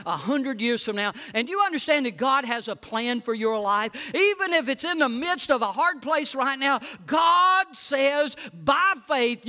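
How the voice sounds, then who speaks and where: Male preacher, high bright voice, drops to a hush and then surges loud, big hall reverb. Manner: swings between hushed low lines and loud high preaching. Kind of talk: sermon.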